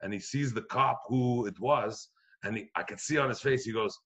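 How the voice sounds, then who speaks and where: A middle-aged comedian from Quebec, Canada, appears as a guest, telling a rowdy, profane story in casual conversation. He's animated and acts out the voices of the people involved, speaking at medium pitch and normal speed.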